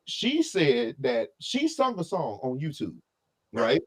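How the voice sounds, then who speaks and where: A man with a slightly higher-than-average voice co-hosts a relaxed album review. He sounds animated and opinionated, jumping into asides and restarting his sentences as he goes. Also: slow. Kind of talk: casual opinionated chat.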